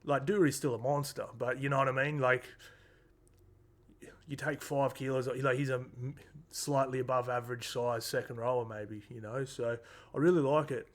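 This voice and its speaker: A man's voice: mid-range voice, steady tone, normal speed. A man, rambling casually through a rugby league round recap with lots of fillers and asides. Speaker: sports tipping vlogger.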